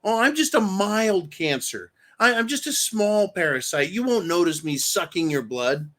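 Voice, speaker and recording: A man's voice: high-pitched, expressive, moderate pace, a bit bright. A man putting on a simpering voice to mock a meek male voter. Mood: whiny. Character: whiny meek male voter mocked as a parasite.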